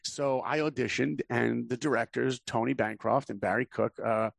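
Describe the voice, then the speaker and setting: Deep, gravelly-voiced man telling stories. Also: normal speed, no room sound. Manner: lively storyteller who acts out voices. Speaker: podcast guest, animation director. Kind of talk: casual interview storytelling.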